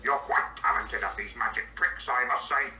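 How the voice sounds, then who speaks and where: A man's voice: mid-range voice, moderate pace, bright, forceful tone, reverberant, recorded from a distance, faint music behind, rough recording. An AI man voice doing a fussy, indignant Mr. Bean. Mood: exasperated. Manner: reads his own stage directions aloud, indignant. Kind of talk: AI voice improv role-play.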